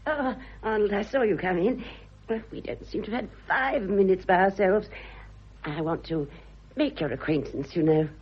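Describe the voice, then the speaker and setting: An actress playing a whimsical, airy older society lady with a husky voice, in a vintage radio drama. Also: medium pitch, normal speed, close to an everyday voice. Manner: gushing, airy. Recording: dull lo-fi old radio recording.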